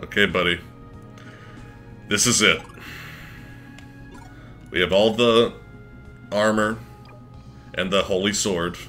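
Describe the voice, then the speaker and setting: A man streaming a game live, chatting excitably and swearing when worked up. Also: fairly low pitch, slow, pauses often. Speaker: let's play streamer. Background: faint game music.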